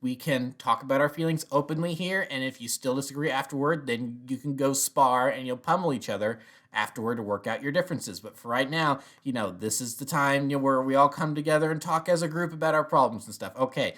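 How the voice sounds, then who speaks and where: Calm, patient meeting chair for an armored warrior clan, put on by a male reviewer, mid pitch. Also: fairly quick, close to an everyday voice.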